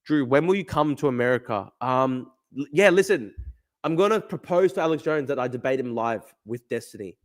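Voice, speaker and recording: This Australian livestream host, a young man, goes through viewer comments and jokes about them in a rambling style that keeps looping back to earlier points. His voice sits mid-range, and he comes across as animated and brisk.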